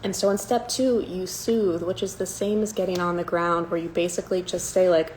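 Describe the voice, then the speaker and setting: A woman giving a casual self-help talk, candid and profane, with playful asides and soft, soothing self-talk. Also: lowish voice, steady tone, brisk, few pauses, background noise.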